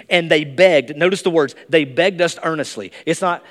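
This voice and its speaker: Male pastor, sermon delivery, fairly high voice, long church-hall reverb. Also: fairly quick, few pauses. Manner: emphatic, rises to high excited bursts. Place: church sanctuary.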